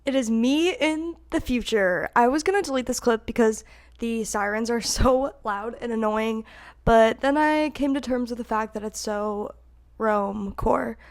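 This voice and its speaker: A woman's voice: on the high side, measured pace, very noisy. A young woman chatting casually as she vlogs her week as a student abroad, bubbly and full of "like". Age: young adult. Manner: bubbly, chatty, frequent "like" and laughs. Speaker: vlogger, study abroad student. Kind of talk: casual vlog narration.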